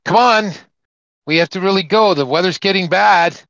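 A frantic rescuer's voice, pushed up high and loud and calling for someone to leave. A man puts it on while telling a joke. The sound is dull and lo-fi. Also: normal speed, dry recording. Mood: urgent. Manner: urgent, pleading. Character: urgent male rescuer in a joke. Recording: dull, lo-fi podcast audio.

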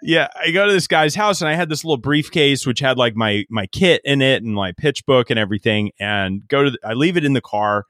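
A man's voice: mid-range voice, fairly quick, few pauses, no echo, clean studio sound. A middle-aged man telling a casual sales story as a podcast guest, laughing often and quoting himself. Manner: animated anecdote-teller, laughs often, quotes himself.

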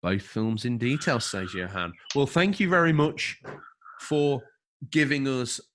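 A man's voice: mid-range voice, unhurried, fairly bright tone, a little hiss or hum. A man co-hosting a podcast, chatting casually and reading out an overview with wry, opinionated asides. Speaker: podcast co-host.

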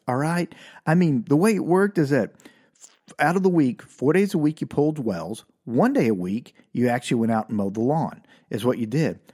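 A middle-aged man, telling a comic personal story in an animated way and laughing at his own punchlines. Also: mid-range voice.

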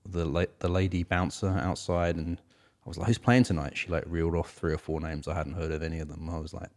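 A man's voice: low-pitched, steady tone, fast talker, darkish tone. A young man co-hosting a casual music podcast, talking in loose, rambling sentences full of fillers. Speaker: podcast co-host. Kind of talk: casual chat about music.

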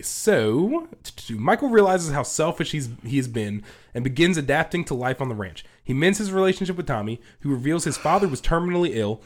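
A young man in casual chat, rambling and acting out quotes as he tells a story. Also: mid-range voice. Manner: rambling, animated, acts out quotes. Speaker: co-host.

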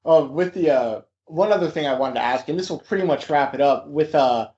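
A man hosting a podcast interview in a relaxed, chummy way, laughing often and calling his guest dude. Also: on the high side, a little fast, lo-fi sound. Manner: laid-back, laughs often, says dude. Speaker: podcast host. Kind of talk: casual interview.

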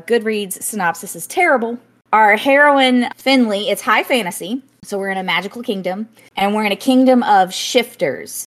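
A woman co-hosting a book podcast, talking in a giggly, self-conscious, rambling way with many fillers. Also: mid-range voice. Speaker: podcast co-host. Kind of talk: casual book review chat.

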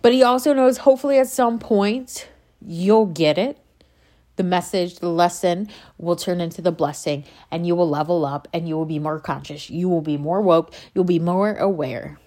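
This woman, a faith vlogger, has a lowish, dark-toned voice at normal speed. Talking casually about her faith, she grows impassioned, rambling and stopping herself mid-thought as she gets worked up.

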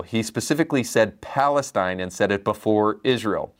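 A man's voice: on the low side, normal speed. A man hosting a commentary show, delivering opinions in an emphatic, argumentative way. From United States. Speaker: commentary podcast host.

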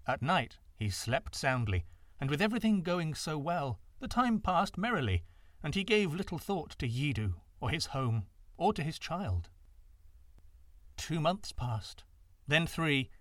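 Man reading folktales, lively swinging pitch, bright, dry close sound. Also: a little slow, dry recording. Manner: expressive, dramatic. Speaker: storyteller. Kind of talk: scripted storybook narration.

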